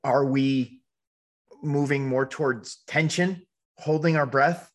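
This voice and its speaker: A man hosting a casual podcast conversation, his voice at an ordinary middle pitch. He talks reflectively and feels his way through his thoughts, often restarting his sentences. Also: steady tone, takes it slowly. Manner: reflective, hesitant, many restarts and backchannels.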